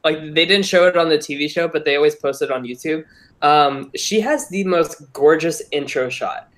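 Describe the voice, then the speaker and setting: A man's voice: on the high side, moderate pace, a bit bright. A man in a casual group chat, gushing and full of "like" fillers.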